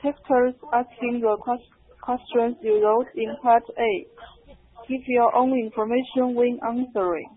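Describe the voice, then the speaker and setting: A woman's voice: fairly high pitch, fairly even intonation, a little slow. A woman from China learning English in a lesson over a call, hesitant, with many fillers and restarts. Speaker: English student. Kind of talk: online language lesson. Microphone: video call. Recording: tinny call audio.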